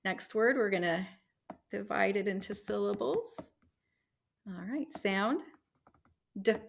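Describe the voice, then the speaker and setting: A woman teacher leading a slow, encouraging phonics lesson for young children, sounding out letters and blending words. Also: medium pitch, vocal fry.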